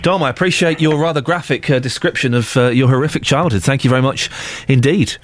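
A man's voice: medium pitch, fast talker, slight background noise. A man in his thirties presenting a radio show, telling stories in a jokey casual way and acting out the quotes. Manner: jokey storytelling with acted-out quotes.

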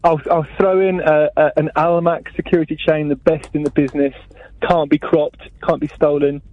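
A man's voice: a little high, flat delivery, moderate pace, dry recording. Male caller on a tinny phone line. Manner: hesitant salesman patter with many "uh"s. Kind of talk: playful phone-in haggling.

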